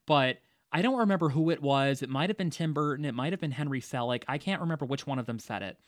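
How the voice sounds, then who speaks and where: A man's voice: on the high side, fast talker, no echo, studio quality. A man hosting a casual movie discussion, chatty, with frequent laughs and fillers. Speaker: podcast host.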